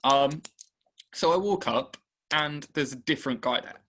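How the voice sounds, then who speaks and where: A young man co-hosting a casual podcast, telling an animated story and acting out both sides of a conversation. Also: mid-range voice, a little slow, a little hiss or hum. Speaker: podcast co-host. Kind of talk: casual chat.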